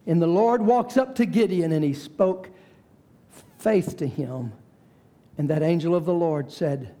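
A male preacher with a high but mellow voice delivers a sermon. He tells the story dramatically. He slows down and drops to near whispers for emphasis. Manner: dramatic storytelling, varies pace and volume.

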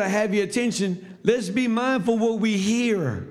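A man's voice: high voice, measured pace, few pauses. A man teaching a Sunday school class, telling a story in a loose, conversational preaching style with asides to the class.

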